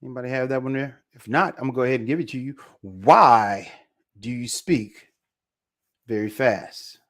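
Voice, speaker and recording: Laid-back man teaching Spanish. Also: medium pitch. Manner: casual, repeats phrases slowly for pronunciation. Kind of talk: live online language lesson.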